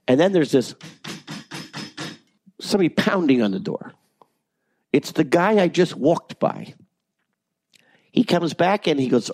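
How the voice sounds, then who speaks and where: Animated male voice actor telling stories. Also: on the high side, measured pace, long pauses, no echo. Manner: animated, self-deprecating, swears freely. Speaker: voice actor guest. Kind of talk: casual interview storytelling.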